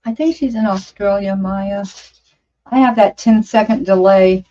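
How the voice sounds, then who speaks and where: Slow, chatty woman over fifty. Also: mid-range voice, warm tone. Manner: rambling, chatty, exclaims often. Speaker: livestream host. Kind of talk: casual chat reading viewer comments. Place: home studio. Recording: dull lo-fi stream audio.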